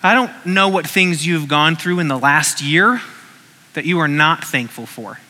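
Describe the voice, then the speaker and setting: Bright-voiced man preaching in a hall. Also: a little high, a little slow. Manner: conversational preaching, acts out prayers and voices. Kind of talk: sermon.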